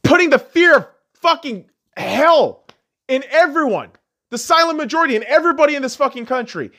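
A man hosting a podcast, delivering a profane political rant, insulting and angry, swinging between yelling and muttering. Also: very high voice, animated, a little fast. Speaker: podcast host.

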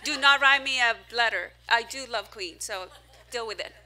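A woman pastor preaching to a small evening congregation with a high, bright voice. She talks in an animated, self-mocking way, jumping from loud outbursts to hushed asides. Her sound is sharp and forward. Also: normal speed. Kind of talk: sermon. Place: church hall, preaching to a small crowd.

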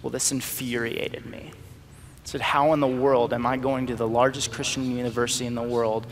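A man sharing a personal testimony as a storytelling sermon, acting out the dialogue in a lively way. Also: medium pitch, moderate pace, big-room sound.

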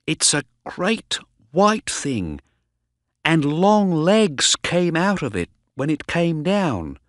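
A man reading an audiobook voices an angry, exasperated male scientist who shouts and complains. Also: a little high, very animated, slow, dry recording, clean studio sound, pitched above the performer's own voice. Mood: wary. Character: gruff angry male scientist, short-tempered.

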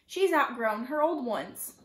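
A woman voicing a patient, gentle mother who speaks soothingly and explains calmly. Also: high-pitched, measured pace. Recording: roomy echo.

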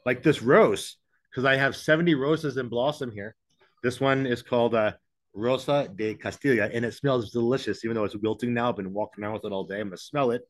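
A man's voice: mid-range voice, fairly quick. Male interview guest, candid and meandering, self-mocking, recorded over a video call. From English-speaking, living in Mexico. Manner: frank, rambling, self-deprecating.

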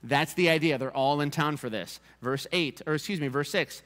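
A man preaching a sermon as pastor, in a lively, conversational style that keeps calling for the congregation's attention. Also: on the high side, normal speed, few pauses. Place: church sanctuary. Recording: long reverb of a church hall.

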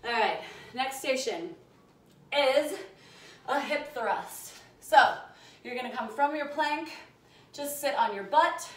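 A woman's voice: sits high, expressive, slow pace, pauses often. A young woman leading a live home workout class, counting down reps and greeting viewers by name, out of breath from exercising along. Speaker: fitness instructor. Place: home room, indoors. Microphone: phone on a live stream. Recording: echoey room, mic far off.

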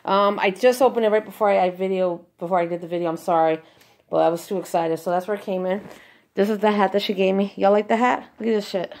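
Gushing woman vlogger with a gravelly voice. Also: medium pitch, fast. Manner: excited, gushing, repeats thanks. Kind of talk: casual unboxing vlog.

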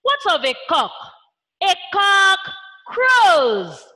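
High, lively Nigerian woman teacher. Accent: Nigerian English. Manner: slow, sing-song call-and-response teaching with animal sound imitations. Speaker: primary school teacher. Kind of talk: children's online science lesson.

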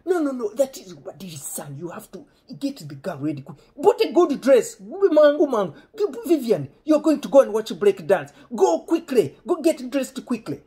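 A man voicing an eager older father who fusses with excited exclamations and stammered repeats. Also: high voice, fast talker, hardly any pauses, husky, voice pushed up, exaggerated voice. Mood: excited fussing.

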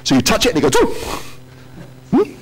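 A man's voice: on the high side, huge pitch swings, racing, husky. A man presenting a technical conference talk in a lecture hall, with joking asides to the audience.

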